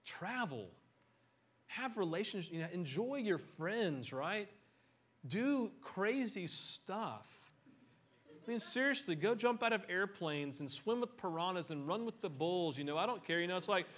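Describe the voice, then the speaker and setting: Middle-aged male pastor, lively casual sermon delivery with humorous asides. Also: high voice. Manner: animated, conversational, joking asides.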